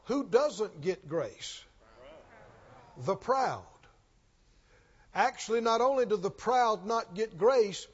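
In a church sanctuary, a man with a high, slightly rough voice preaches a sermon, emphatic and questioning, often repeating his lines. The recording sounds dull, with a long hall reverb.

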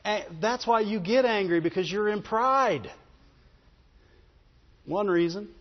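A man preaching a sermon in an animated way, often asking the congregation questions. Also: high-pitched, takes it slowly. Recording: dull sound with long hall reverb.

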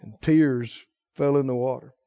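A middle-aged male pastor preaching a sermon, moving between quiet emotional storytelling and forceful exhortation. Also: mid-range voice, steady tone, a little slow, dry recording, dull audio.

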